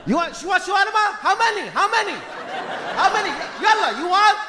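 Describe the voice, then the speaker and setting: A comedian voicing a loud, pushy older shawarma shop owner firing rapid questions. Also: male voice, extremely high pitch, steady tone, background noise, voice pushed up, heavily acted. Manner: shouting, rapid-fire questions.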